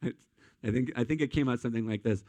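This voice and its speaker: A young man preaching a sermon, telling a story with lively energy and building to emphatic points. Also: mid-range voice, fast, dry recording. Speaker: pastor.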